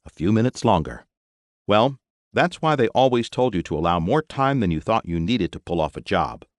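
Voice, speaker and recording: Brief: expressive male audiobook narrator, deep and animated, dry studio read. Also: normal speed, no echo. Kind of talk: scripted narration.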